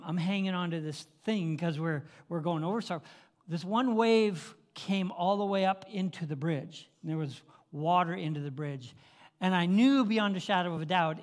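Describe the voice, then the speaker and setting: A man preaching, telling a story in an animated way, with frequent restarts and chuckles. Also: fairly high pitch. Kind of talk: sermon storytelling.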